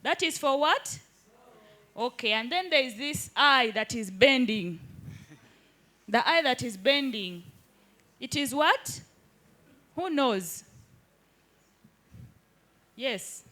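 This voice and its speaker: A woman's voice: high-pitched, expressive, slow, pauses often, sharp tone. A woman teaching a live hands-on workshop in an indoor training room, keeps checking that the group follows. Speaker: digital skills trainer.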